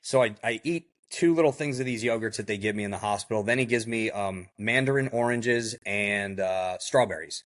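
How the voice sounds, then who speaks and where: A man's voice: on the low side, normal speed, hardly any pauses, a bit bright. A man guest on a podcast, telling a story casually in the first person with blunt, vivid detail and many fillers. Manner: vivid, blunt retelling that acts out the quoted dialogue; frequent fillers like "like" and "I go".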